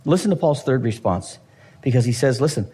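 A man's voice: mid-range voice, expressive, a little fast, warm tone, slightly rough, in a large hall. A man preaching a sermon with humor and energy, acting out the voices of Bible figures as he explains the scripture. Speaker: pastor.

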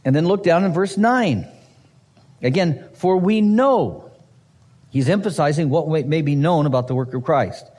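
A man's voice: on the high side, darkish tone. A man preaching a sermon as pastor, teaching a passage verse by verse with emphatic asides and touches of humor. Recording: husky voice in a hall with long reverb.

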